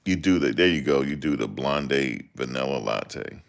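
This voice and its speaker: A man with an extremely low voice drags his words with gravel and fry as he reacts to a livestream. He jokes in a relaxed, teasing way and keeps it conversational. His voice is deep enough that people often ask him to repeat himself. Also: moderate pace. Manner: joking, laid-back, slips into mocking voices. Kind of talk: casual reaction commentary.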